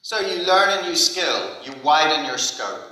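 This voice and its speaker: Male conference speaker, casual anecdotal delivery, bright voice, roomy hall sound. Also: on the high side, measured pace. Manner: casual, anecdotal, lively storytelling. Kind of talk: conference talk. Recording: echoey hall.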